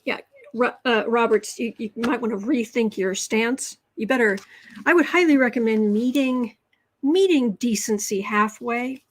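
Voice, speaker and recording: A woman with a slightly high voice hosting a live tarot reading stream. She talks in a chatty, casual way, often restarting sentences as she reads viewer comments aloud. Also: a little slow, rough recording. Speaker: tarot livestream host.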